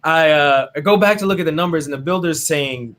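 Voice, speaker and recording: A man being interviewed, telling his faith story in a casual, animated way. He often tags his sentences with "right?" and acts out what other people said to him. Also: a little high, brisk. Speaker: interview guest.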